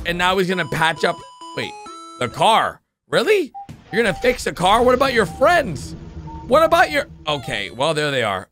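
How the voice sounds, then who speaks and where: A man hosting a reaction video, commenting excitedly on a cartoon and swinging between hushed asides and shouts. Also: high voice, normal speed, faint music behind.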